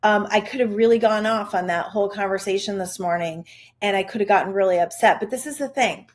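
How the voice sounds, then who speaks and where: Quick-paced and medium-pitched, this middle-aged woman talks directly to her listener with casual, cheerful encouragement. She's a parenting coach running her own podcast.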